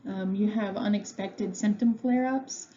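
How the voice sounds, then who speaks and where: A woman's voice: mid-range voice, steady tone, unhurried, mellow. A woman teaching a pharmacy lecture from home, talking conversationally with many ums and uhs. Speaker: pharmacy instructor. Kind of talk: recorded lecture. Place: home room. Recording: dull lo-fi audio with faint noise.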